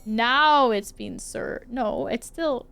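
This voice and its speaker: A woman's voice: fairly high pitch, takes it slowly, vocal fry, a bit bright, clean tone, soft background music. A woman, streaming a horror game live, swearing and exclaiming at the game and chatting with her viewers. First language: Swedish. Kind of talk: live gameplay commentary.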